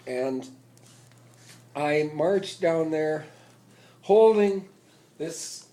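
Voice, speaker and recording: Man, casual vlog storyteller, unhurried, slightly high voice, phone mic. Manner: rambling, slow, drawn-out delivery; loud and excited when reenacting chants. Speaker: vlogger.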